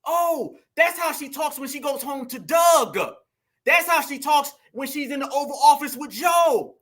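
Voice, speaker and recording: An animated commentary host reacts to clips and talks straight to the audience. The voice is high and bright. The delivery jumps between quick asides and loud exclamations. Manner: animated, exclamatory, addresses viewers as family and y'all. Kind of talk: heated commentary vlog.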